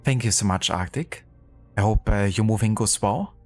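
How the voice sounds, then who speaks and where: A man's voice: fairly low pitch, moderate pace, a little mellow, faint music behind. A man streaming a video game live, chatting casually and thanking viewers with many fillers. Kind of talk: casual live-stream chat while gaming.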